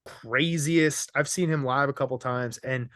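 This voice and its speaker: A young man chats casually on a comedy podcast, wandering through joking stories and laughing as he goes. His voice sits at an ordinary pitch. The recording is close and dry, with no room sound. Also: a little slow, fairly bright tone, no echo. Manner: joking, rambling storyteller, laughs often. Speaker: podcast host.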